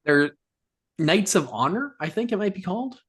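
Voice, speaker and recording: A man co-hosting a podcast in casual chat, easygoing and quick to laugh along. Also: sits high, lively intonation, a bit bright, slightly rough. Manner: easygoing, laughs often, agreeable. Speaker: podcast co-host.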